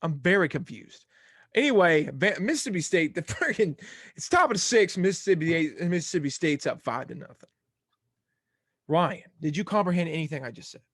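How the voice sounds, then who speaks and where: A man's voice: on the high side, expressive, normal speed, a bit bright, no room sound, studio quality. A young man hosting a casual sports podcast, rattling off game results in a jokey, scattered way. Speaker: podcast host.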